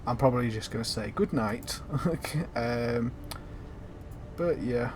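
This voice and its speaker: A man's voice: medium pitch, takes it slowly, noisy background. Rambling, sweary young man gaming. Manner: rambling, filler-heavy, sweary. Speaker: gaming channel host. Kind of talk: casual gameplay commentary.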